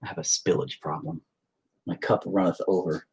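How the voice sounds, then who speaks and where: A man's voice: sits low, steady tone, normal speed, a little mellow, breathy edge. A man hosting a painting livestream from home, talking in a rambling, sarcastic, self-mocking way with plenty of swearing. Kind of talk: casual chat while painting.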